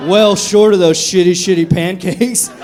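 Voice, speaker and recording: A man's voice: high voice, fairly even intonation, normal speed, a little mellow, some chatter behind. A young man doing a profane, conversational stand-up set on a comedy club stage into a handheld mic. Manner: profane, conversational, acts out drunk voices.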